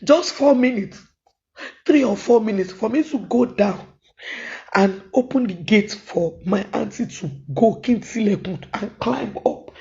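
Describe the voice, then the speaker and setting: A woman's voice: fairly high pitch, unhurried, gravelly, dark tone. A Nigerian comedian, a woman, giving a tearful, pleading video statement, switching between Yoruba and English. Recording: dull lo-fi audio.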